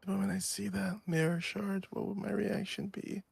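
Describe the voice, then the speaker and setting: A man's voice: sits high, flat delivery, moderate pace, creaky, slightly rough, no echo. A young man streaming a game, chatting casually with a friend, joking and laughing often. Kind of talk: casual gaming chat.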